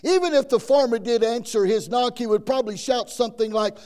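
A man's voice: high voice, animated, moderate pace, hardly any pauses, darkish tone. A man preaching a folksy sermon, telling stories and acting out the quoted voices.

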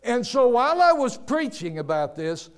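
Un predicador mayor que cuenta historias bíblicas en un sermón, con tono campechano y enfático, repitiendo palabras y haciendo comentarios al margen. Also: male voice, extremely high pitch, sing-song, normal speed, clean tone. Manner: folksy and emphatic, with restarts and asides. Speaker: preacher. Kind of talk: storytelling sermon.

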